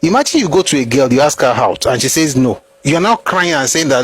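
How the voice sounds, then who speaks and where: A man with a Nigerian accent talks straight to his audience in opinionated commentary. His voice is slightly husky, and he keeps the argument going with rhetorical questions and bits of pidgin. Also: mid-range voice, expressive, fairly quick, few pauses. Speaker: history commentator.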